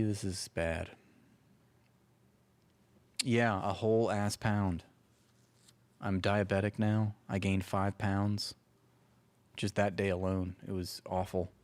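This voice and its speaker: A man's voice: sits low, darkish tone. A man hosting a casual reaction stream, rambling and sarcastic, swearing freely as he talks over clips.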